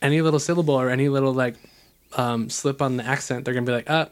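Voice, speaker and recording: A man's voice: mid-range voice, steady tone, fast. A man co-hosting a podcast, reading out film facts and then riffing on them loosely in casual chat.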